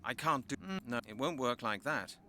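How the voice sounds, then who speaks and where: A man's voice: mid-range voice, lively intonation, moderate pace, bright, forceful tone, slight background noise. A man voicing a fussy, hesitant adult male investigator in a video game, repeating stock refusal lines with stammers. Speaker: game protagonist.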